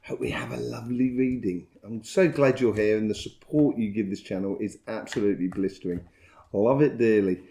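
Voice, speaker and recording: Brief: male tarot reader, warm mellow tone, rambling and chatty delivery. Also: on the low side, fairly quick, gravelly. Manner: rambling and chatty, with soft laughs. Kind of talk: casual tarot reading monologue.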